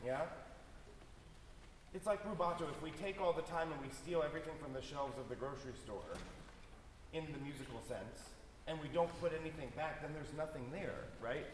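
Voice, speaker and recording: A male conductor with a slightly high voice rehearses an orchestra, speaking a little fast, with a faint hiss or hum on the recording. He coaches the players, sings phrases in syllables, and checks they follow with "yeah?" The audio is echoey, captured from far off in a large concert hall.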